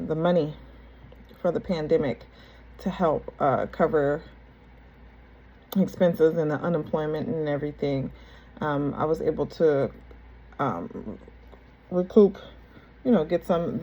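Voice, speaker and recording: A woman's voice: low-pitched, warm tone, dull audio. A young adult woman telling her own story to her viewers in a loose, rambling way, repeating herself and restarting her sentences. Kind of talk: casual personal storytelling to camera.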